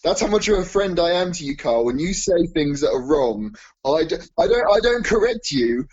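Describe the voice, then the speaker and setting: A man with a slightly husky, fairly high voice that swings widely up and down as he jokes with a friend. He riffs playfully and builds absurd bits on the spot. The recording is dull and lo-fi. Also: sing-song, moderate pace, darkish tone. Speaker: podcast co-host. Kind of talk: casual comedic banter.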